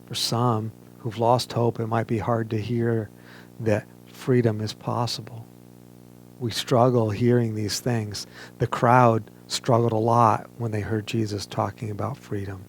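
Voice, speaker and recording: Male pastor, gravelly mid-pitched voice, earnest measured sermon delivery, faint hum behind. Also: little pitch movement. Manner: earnest, measured preaching with emphatic pauses. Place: church, streamed online service.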